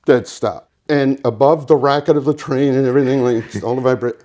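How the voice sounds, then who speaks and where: A middle-aged man, a musician guest, telling a funny family story in a casual interview, animated and full of laughter. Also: medium pitch, fairly quick. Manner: animated, laughing, bursts into shouted imitations.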